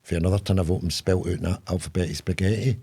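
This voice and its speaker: A man's voice: deep voice, steady tone, fast talker, creaky, mellow, slightly rough. An older man, co-hosting a casual comedy chat with bawdy, jokey banter. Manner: bawdy, jokey banter with put-on quoted voices. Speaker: co-host.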